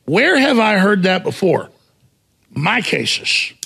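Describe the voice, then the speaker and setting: A fiery male talk show host in a heated, mocking rant, often bursting into shouts. His voice is raspy and gravelly, with a bright, sharp edge. His pitch sits high and swoops widely as he talks. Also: big pitch swings, slow pace. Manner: combative, mocking, shouts for emphasis.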